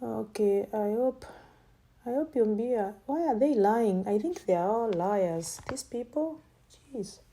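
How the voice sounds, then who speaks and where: A woman's voice: mid-range voice, unhurried, mellow. A woman vlogger giving casual running commentary, thinking aloud and often breaking into exclamations of delight.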